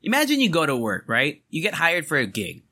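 Fuming, bright-voiced podcast host man. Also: a little high, huge pitch swings, fairly quick, husky. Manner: angry, emphatic, swearing. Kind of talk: ranting podcast monologue.

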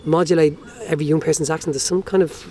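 A man in his forties with an Irish accent, reading a spoken-word poem in a soft, measured way, then talking animatedly as a guest. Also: on the high side, fairly even intonation. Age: 40s. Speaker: guest, writer and performer.

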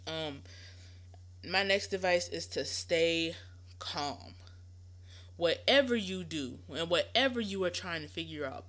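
Young woman, bright clear voice, casual reassuring advice chat. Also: fairly low pitch. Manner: conversational, reassuring, lots of fillers. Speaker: podcast host.

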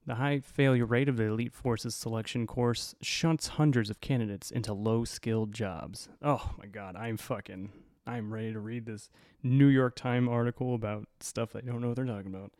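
A man's voice: medium pitch, steady tone, moderate pace, darkish tone, no echo, clean studio sound. A man hosting his own podcast, telling a story in a wry, rambling way with plenty of cursing and fillers. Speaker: podcast host. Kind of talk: casual storytelling monologue.

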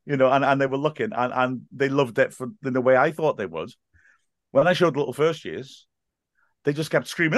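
A man's voice: mid-range voice, a little fast, no room sound, studio quality. A man as a podcast guest, a stadium announcer and teacher, chatting casually and telling stories with frequent laughs and quoted voices.

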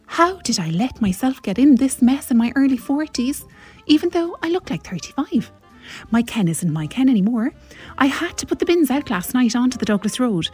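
A woman's voice: fairly high pitch, darkish tone, husky. A woman playing a self-pitying posh woman in her early forties, complaining melodramatically. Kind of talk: comic radio letter reading.

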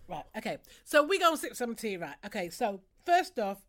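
A woman's voice: fairly high pitch, sing-song, a little slow. A young British woman co-hosting a casual chat, teasing and giggling often with slangy banter. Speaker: co-host.

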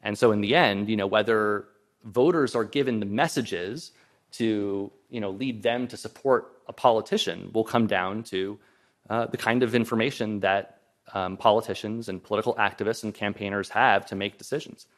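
A man's voice: fairly low pitch, fairly even intonation, normal speed. A man giving a public lecture and answering audience questions, talking thoughtfully with frequent restarts and hedges. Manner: thoughtful, hedging, many restarts and "um"s. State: voice briefly strained. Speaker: guest lecturer. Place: lecture hall.

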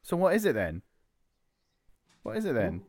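A man's voice: mid-range voice, wildly swooping pitch, normal speed, darkish tone, dry recording. A man co-hosting a casual podcast chat. He often hesitates and restarts his sentences. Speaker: podcast co-host.

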